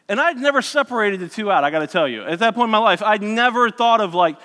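A man's voice: high voice, fairly bright tone, big-room sound. A man candidly telling his personal faith story to an audience, often restarting his sentences. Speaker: speaker sharing his testimony.

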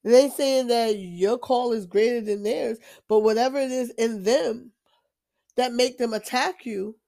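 Gravelly woman giving an emphatic faith talk. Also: on the high side, measured pace, warm tone. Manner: emphatic, repeats herself, stumbles and restarts. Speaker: Christian vlogger sharing testimony. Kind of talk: casual faith talk, preachy testimony.

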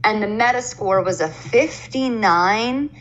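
A woman's voice: mid-range voice, unhurried, dull audio, slight background noise. A young woman co-hosting a podcast, chatting casually in an easygoing, joking way that sometimes trails off. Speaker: podcast co-host. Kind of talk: casual chat.

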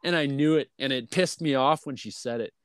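A man's voice: medium pitch, brisk, smooth. A man on a podcast talking casually, blunt and heavy on swearing, who says he isn't feeling well. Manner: blunt, profane, venting. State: feeling unwell. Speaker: podcast co-host.

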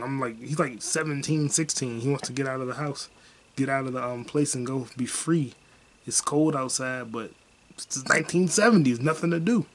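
A man's voice: mid-range voice, moderate pace. A young man rambles through a casual movie review on his podcast. His voice sits in an ordinary middle register, laid-back and loose, and he drops in the odd curse. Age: young adult. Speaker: podcast host.

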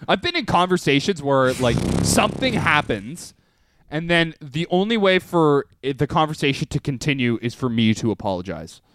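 Joking young man, lively voice. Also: fairly high pitch, moderate pace. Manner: joking, laughs often, acts out quoted arguments. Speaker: podcast co-host. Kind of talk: casual comedic chat.

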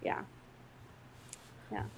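A woman's voice: drawn-out words, a little hiss or hum, rough recording. A woman co-hosting a podcast, telling a story in casual chat with many fillers. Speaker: podcast co-host.

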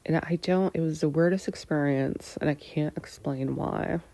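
A woman in her thirties candidly answering personal questions, hesitant and full of pauses, sometimes dropping into a breathy near-whisper. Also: sits low, mellow.

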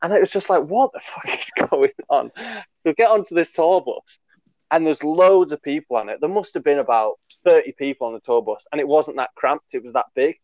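A young man in his twenties, co-hosting a podcast, tells a long, rambling story in casual chat, laughing, swearing, and using plenty of fillers. His voice is fairly high, a little mellow, and a little fast. The recording is dry and dull.

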